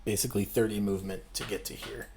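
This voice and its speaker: A man's voice: fairly low pitch, fairly even intonation, quick pace, gravelly, a little mellow, slight background noise. A man acting as game master in a tabletop game, giving patient, matter-of-fact rulings.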